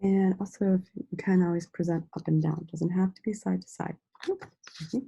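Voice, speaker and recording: A woman teacher giving a slow, sing-song lesson to young children, stretching out words and praising them often. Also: on the low side, fairly even intonation, vocal fry, warm tone, slightly rough, poor audio. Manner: encouraging, drawn-out words with frequent praise.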